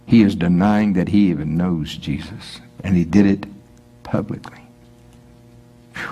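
Low-voiced preacher, casual and animated. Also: male voice, unhurried, breathy edge. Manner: conversational, acts out voices, breaks into laughter. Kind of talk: sermon, reading and explaining scripture. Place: church.

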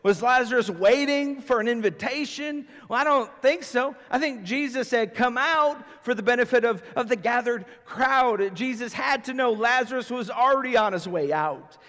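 A man's voice: extremely high pitch, moderate pace, hardly any pauses, fairly bright tone, big-room sound. A man preaching a sermon as pastor, conversational and emphatic, often acting out how people would react. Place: church sanctuary.

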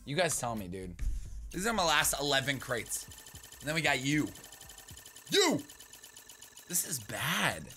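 Bright, lively young man rambling over gameplay. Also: mid-range voice, moderate pace, soft background music. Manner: rambling, joking, swings into loud playful outbursts. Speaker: gaming YouTuber. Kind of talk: casual gaming commentary.

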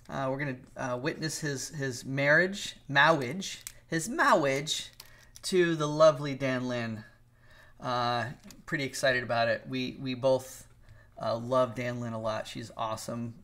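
Gravelly middle-aged man chatting while drawing. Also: medium pitch, sharp tone. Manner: chatty, rambling, greets and teases viewers. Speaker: animator streaming live. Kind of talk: casual livestream chat while drawing.

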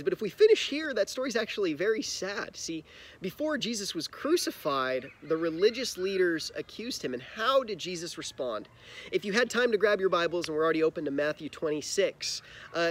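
A man teaching a children's church lesson, retelling a Bible story simply and asking the kids questions. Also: fairly high pitch. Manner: friendly, explains simply and asks kids questions.

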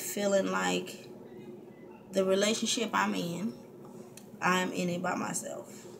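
A woman's voice: fairly low pitch, takes it slowly, creaky, long pauses. A woman vlogger venting candidly to her viewers, frustrated and heated, talking in fits and restarts at home. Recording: steady background hiss.

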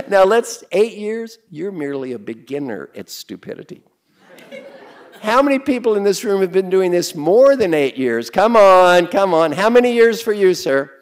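A man works a live room as a coach, his voice sitting a little high and swinging widely in pitch. He teases and calls on the audience in a playful, motivational talk. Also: very animated, normal speed. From Kentucky, USA. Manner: playful, teasing the audience, calling on people. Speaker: executive coach and speaker.

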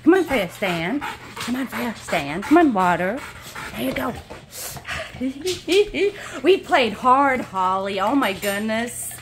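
A young woman coos at dogs in a high, bouncy voice that swoops up and down, drawing her words out slowly. She gushes and gasps in playful baby-talk. The phone recording carries a lot of background noise. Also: very animated. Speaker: dog sitter playing with the dogs. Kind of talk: casual chat with pets. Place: indoors at a house, kitchen. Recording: home video with loud background noise.

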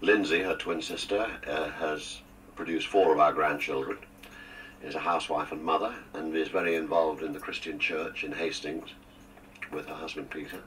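A man's voice: very deep voice, steady tone, normal speed, a bit bright, distant mic, slight background noise, poor audio. An older man, a guest on a radio interview, reminiscing with jokes and theatrical asides. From England. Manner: jokey, theatrical storyteller with asides.

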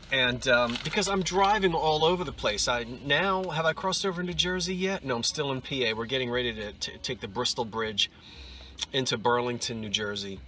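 A middle-aged man vlogging his thrift hunting, chatty and quick to exclaim over each find. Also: medium pitch. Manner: excitable, exclaims over finds, chatty asides. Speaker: antiques and vintage reseller. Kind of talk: casual thrifting vlog. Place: in a car and a thrift store.

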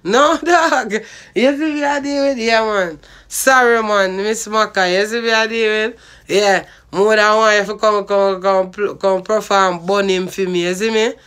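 A man's voice: sits high, steady tone, moderate pace, a bit bright, smooth. A man with a Jamaican accent rambling and swearing in patois as he promotes his own party. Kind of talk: rambling vlog monologue.

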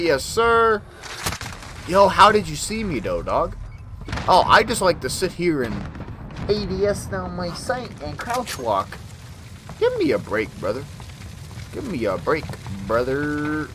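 A man's voice: on the high side, very animated, unhurried, noisy background. A man giving casual gameplay commentary, trash-talking with lots of slang. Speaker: gaming YouTuber. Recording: game gunfire loud in background.

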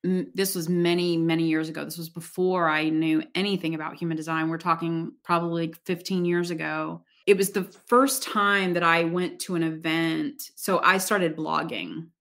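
A woman guest on a podcast, speaking thoughtfully with hesitant pauses and fillers. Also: low voice, steady tone, a bit bright. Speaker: podcast guest, energy healer. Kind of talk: casual conversational interview.

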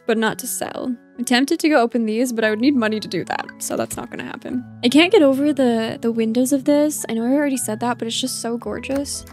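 Chatty, bubbly woman playing a cozy game. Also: a little high. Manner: chatty, playful, easily delighted. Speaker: let's play host. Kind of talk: casual gameplay commentary.

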